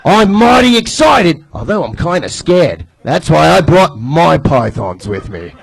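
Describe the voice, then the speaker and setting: A man putting on a put-on Australian accent to play a brash wrestler, excited yet scared, cutting a hammy promo on a comedy club stage. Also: on the high side, a little slow, vocal fry, pitched above the performer's own voice, full character voice. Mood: hammy bravado.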